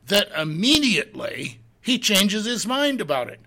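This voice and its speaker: Slow-paced, bright-voiced male preacher. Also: high-pitched, big pitch swings, creaky. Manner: slow, deliberate, reads scripture in old-fashioned wording; asks rhetorical questions. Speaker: pastor. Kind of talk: sermon, verse-by-verse Bible teaching.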